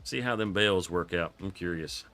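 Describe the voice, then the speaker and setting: Deep-voiced froggy man streaming a farm game. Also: fairly quick, fairly bright tone, faint music behind. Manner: laid-back, rambling, chuckles often. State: froggy from coughing. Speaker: live streamer playing a farming game. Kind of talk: casual gameplay commentary.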